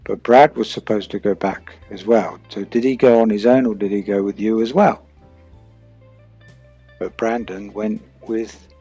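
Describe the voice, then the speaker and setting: A husky-voiced man muses his way through a true crime commentary, circling back and asking questions of people who aren't present. The recording is dull and lo-fi, with faint music underneath. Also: on the low side, mellow. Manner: rambling, asks questions aloud to absent people. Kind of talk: casual commentary monologue.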